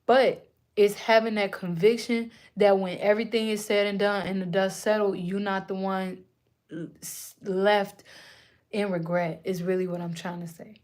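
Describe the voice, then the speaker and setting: Young woman, spiritual reader, live stream, slangy, animated, casual. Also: medium pitch, moderate pace. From Puerto Rican and Native American roots. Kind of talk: live-streamed channeled message.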